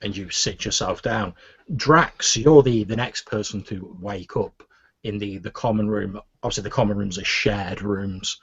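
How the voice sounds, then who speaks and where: A man's voice: on the low side, fairly even intonation, measured pace, fairly bright tone, breathy edge, highs cut off. A man narrating a tabletop game as game master, describing scenes with frequent restarts.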